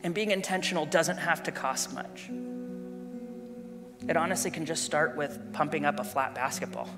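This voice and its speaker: A male pastor preaching a sermon, telling and reading a story in an earnest, animated way. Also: on the high side, normal speed. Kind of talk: sermon with read-aloud story. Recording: long hall reverb with guitar music.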